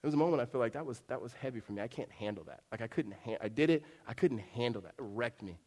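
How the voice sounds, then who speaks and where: A male pastor preaching a sermon, swinging from loud emphatic peaks to hushed low lines and telling stories with acted-out dialogue. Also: expressive, fast talker, breathy edge. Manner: conversational storytelling with acted-out dialogue.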